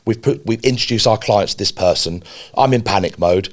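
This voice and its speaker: A man co-hosting a business podcast, telling a story in an animated way, swearing freely and repeating words when he gets worked up. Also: on the low side, brisk. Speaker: podcast co-host. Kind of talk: casual business podcast chat.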